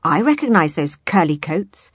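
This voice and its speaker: A woman's voice: mid-range voice, sing-song, moderate pace, breathy edge, dry recording. A woman voicing a brave, earnest young farm girl in a storybook reading. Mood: indignant.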